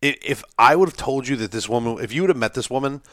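A young man in casual podcast chat, telling an animated story, acting out quotes and swearing freely. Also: medium pitch, fast, no room sound, clean studio sound.

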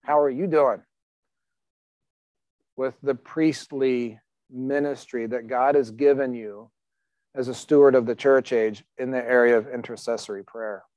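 A man's voice: mid-range voice, fairly even intonation, a little slow, darkish tone, dry recording. A man preaching a sermon as pastor in a conversational, emphatic way, asking the congregation questions.

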